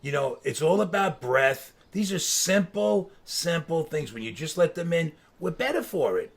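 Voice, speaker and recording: A middle-aged man, a guest, telling stories in casual, animated conversation, laughing and swearing as he goes. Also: fairly high pitch, normal speed, gravelly. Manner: animated anecdotes, swearing, laughing mid-sentence. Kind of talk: casual storytelling.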